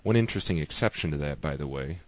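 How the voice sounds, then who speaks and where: Very deep-voiced man teaching patiently. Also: animated, dry recording. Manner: patient, repeats examples slowly. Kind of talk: explanatory lesson.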